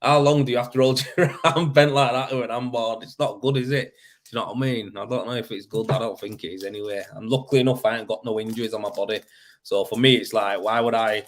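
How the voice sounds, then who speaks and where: A man from Leeds with a West Yorkshire accent, chatting casually on a livestream as host, laughing often and rambling. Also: lowish voice. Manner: rambling, laughs often, says "you know what I mean". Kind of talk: casual livestream chat reading comments.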